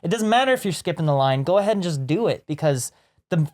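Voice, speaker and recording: A man co-hosting a podcast, telling stories in casual chat with lively, rambling delivery. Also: fairly high pitch, fast talker. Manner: rambling storyteller, animated. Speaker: podcast co-host.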